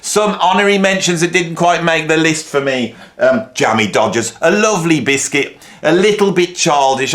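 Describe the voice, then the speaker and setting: A man's voice: mid-range voice, fairly bright tone. A middle-aged man, ranking things in a rambling, mock-indignant monologue with dry humor. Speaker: video host.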